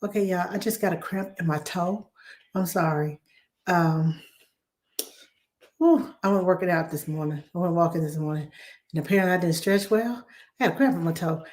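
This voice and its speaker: A woman, hoarse from laryngitis, chatting warmly as she hosts a live cooking demo and greets viewers by name. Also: on the low side, normal speed, pauses often. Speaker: cooking show host.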